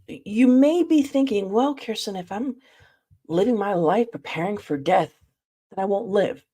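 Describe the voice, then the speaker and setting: A woman presenting a reflective spiritual study talk, speaking in a measured way and addressing her listeners directly. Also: medium pitch, warm tone, slightly rough.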